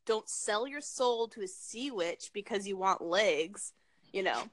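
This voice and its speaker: A young woman co-hosting a casual chat, blunt and opinionated, with quick jokes. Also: medium pitch, expressive, a bit bright, slight background noise. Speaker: podcast co-host.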